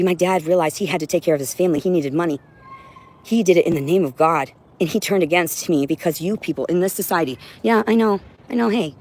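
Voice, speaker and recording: With a low, darkish-toned voice, this livestream host delivers a profane, intense, rambling monologue to her audience. She's indoors at home, a cat with her.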